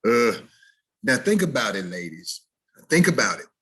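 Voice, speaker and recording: Husky man lecturing. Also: medium pitch, moderate pace. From Mississippi. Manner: lively, demonstrative, imitates dialects. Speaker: diction instructor. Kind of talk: recorded video-call lecture. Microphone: video call.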